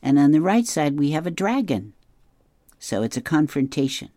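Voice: mid-range voice, big pitch swings, normal speed, dark tone, dry recording. A reader describing comic strips aloud, with chatty asides and chuckles.

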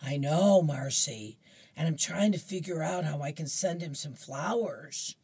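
Tomboy comic girl, low husky voice, lady reading her lines. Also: a little slow, a little mellow, full character voice. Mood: earnest.

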